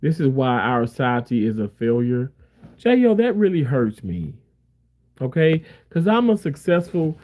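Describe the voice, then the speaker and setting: A man's voice: mid-range voice, very animated, measured pace, dark tone. A man chatting casually on a live stream, reading viewer comments aloud and rambling with frequent laughter. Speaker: livestreamer reading chat.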